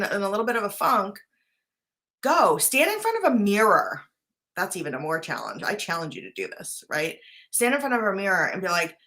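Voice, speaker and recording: Bright-voiced earnest woman coach. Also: medium pitch. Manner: chatty, earnest, says "right?" often. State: briefly choked up at times. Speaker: life coach. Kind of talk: casual talk to camera.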